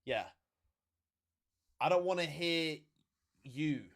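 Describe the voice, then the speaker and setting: A man hosts his livestream in casual chat, his voice sitting a little high for a man. He is sarcastic, swears freely, and shrugs off viewers who annoy him. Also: takes it slowly. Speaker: livestream host.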